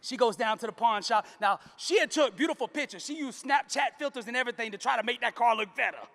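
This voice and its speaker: A man's voice: very high voice, quick pace, vocal fry, a bit bright. A man giving a live motivational speech in a large event hall, rousing the crowd with preacher-like call-outs. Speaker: motivational speaker. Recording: long reverb of a large hall.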